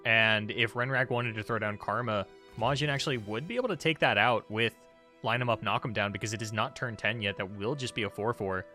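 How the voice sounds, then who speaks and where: A man casting a card game tournament, breaking down plays quickly and thinking out loud. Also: on the low side, soft background music. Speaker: esports caster. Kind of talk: live tournament commentary.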